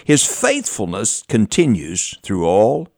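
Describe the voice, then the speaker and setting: A male preacher telling a story inside a sermon. His voice climbs and falls widely, pushing some lines hard and stretching others slow and soft, with a chuckle between lines. The sound is dry and close. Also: on the low side, no room sound. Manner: animated, swings between loud emphasis and quiet drawn-out phrases.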